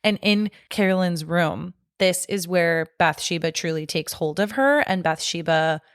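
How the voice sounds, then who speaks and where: A woman's voice: on the low side, a little slow, smooth, dry recording, clean studio sound. A woman co-hosting a podcast, retelling a horror film scene by scene in a chatty, casual way with lots of "like". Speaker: podcast co-host.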